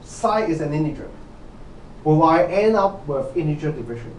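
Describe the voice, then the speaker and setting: Heard from a distance in an echoey lecture hall with a little background noise, this male university lecturer covers programming at a normal speed. His fairly high, darkish voice is animated, and he keeps asking students questions, repeating points and saying "okay?" a lot.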